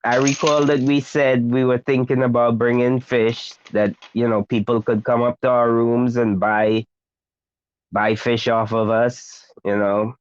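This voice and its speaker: A man co-hosting a casual livestream, reading viewer comments aloud in a relaxed way. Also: medium pitch, unhurried, smooth, muffled recording. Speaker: co-host reading chat.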